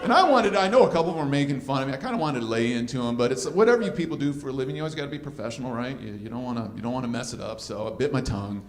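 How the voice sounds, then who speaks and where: A man's voice: medium pitch, lively intonation, very fast, hardly any pauses, slight background noise. A man in his fifties doing a crude, self-deprecating stand-up comedy set on a club stage. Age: 50s. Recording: live club recording, roomy with crowd laughter.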